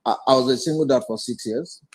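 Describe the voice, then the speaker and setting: A man's voice: mid-range voice, fairly quick, darkish tone, slightly rough, low-quality recording. A man in his forties, a guest speaker giving an earnest, reflective personal testimony in an interview and retelling past conversations.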